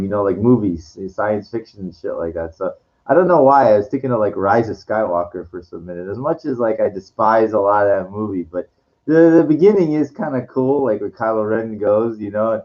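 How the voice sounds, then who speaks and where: A man rambles through a casual monologue full of restarts and fillers, occasionally dropping into a low, slow voice to quote lines. He sounds animated and a little mellow, and the audio is dull.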